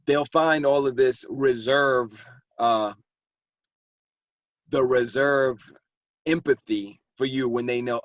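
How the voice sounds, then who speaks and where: A man's voice: mid-range voice, slow pace, pauses often, no echo, highs cut off. A man, hosting a casual group discussion as the author and acting out people as he talks. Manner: animated, acts out exaggerated characters mid-story.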